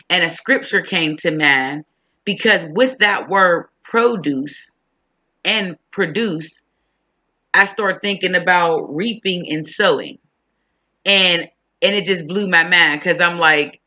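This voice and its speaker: A podcast host talking casually and reflectively about faith, thinking aloud with pauses and fillers. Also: mid-range voice, sharp tone.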